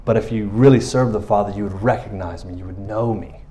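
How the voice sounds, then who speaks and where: A man preaching in a loose, conversational way, often checking in with his listeners and dropping to a quiet voice for emphasis. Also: on the low side, a little fast. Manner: conversational, often asks 'you know what I'm saying', drops soft for emphasis. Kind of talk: informal sermon.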